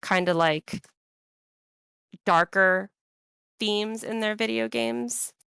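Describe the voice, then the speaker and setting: A woman podcast guest with a mid-range, creaky yet fairly bright voice speaks slowly, her tone clear and resonant with no room sound. She chats thoughtfully and at length in a casual, rambling way, using lots of fillers.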